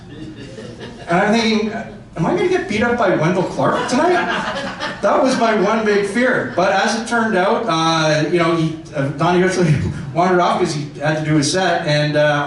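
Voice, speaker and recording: Man telling a memorial story. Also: sits high. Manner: halting, with fillers. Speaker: comedian. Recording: echoey hall from far off.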